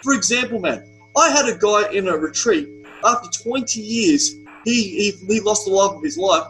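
A man's voice: high-pitched, lively intonation, moderate pace, fairly bright tone, faint music behind, low-quality recording. A young man who coaches men's retreats, talking bluntly and with lots of profanity while telling stories as a guest on a podcast. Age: young adult. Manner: blunt, profane, emphatic storytelling. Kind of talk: podcast conversation.

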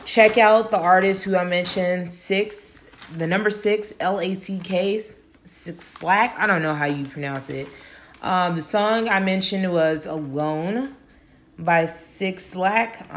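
Low, gravelly-voiced woman podcast host. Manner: laid-back, profane, affirming. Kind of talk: casual solo podcast wrap-up.

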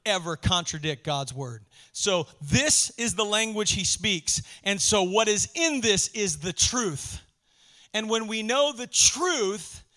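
Bright-voiced passionate male preacher. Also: sits high. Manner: passionate, conversational preaching, swings from soft to emphatic. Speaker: pastor. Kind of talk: sermon.

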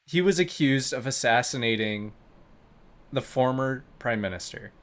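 A man co-hosting a casual news chat with a relaxed, unhurried delivery. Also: mid-range voice.

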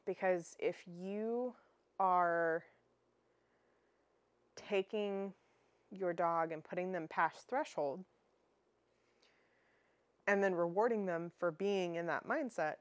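A woman's voice: fairly low pitch, slow, pauses often, dry recording. A young woman hosting a dog training podcast, explaining in a casual, chatty way with fillers and restarts.

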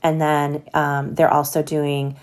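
A woman's voice: low voice, completely flat delivery, slow pace. A woman who leads a corporate foundation, answering interview questions in a conversational, upbeat way with frequent hedges.

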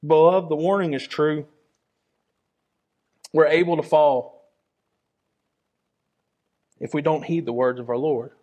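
Preacher guy, kinda high voice, earnest and chatty, repeats himself a lot. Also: fairly even intonation, slow pace, long pauses, a little mellow. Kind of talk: sermon.

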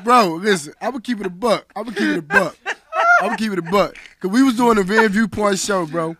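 A man's voice: sits high, fairly quick, very noisy. A man in casual chat, laughing a lot and repeating himself. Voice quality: laughing, repetitive.

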